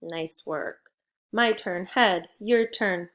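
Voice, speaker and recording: A young woman teaching children to spell, speaking slowly and evenly. She leads with a patient call-and-response and gently encourages after each word. Her voice sits at a middle pitch. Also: a little hiss or hum. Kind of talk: remote phonics lesson for young children.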